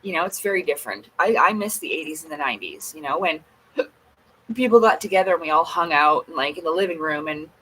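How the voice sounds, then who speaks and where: A woman's voice: deep voice, lively intonation, fast, fairly bright tone, a little hiss or hum, poor audio. A woman in her forties hosting a casual livestream, chatty and rambling. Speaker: livestream host.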